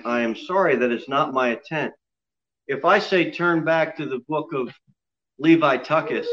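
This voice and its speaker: A man preaching to his congregation in a voice pitched a touch high, cracking jokes at his own expense and circling back over his words. The recording is dull and lo-fi, as if captured in a church sanctuary. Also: fairly bright tone. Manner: joking, self-deprecating, repeats himself. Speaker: pastor. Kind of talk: sermon.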